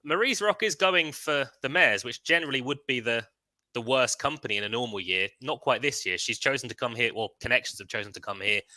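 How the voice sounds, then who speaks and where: A man hosting a racing panel, chatty and lively as he hands round to his guests. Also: medium pitch, fairly quick, no echo. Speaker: host.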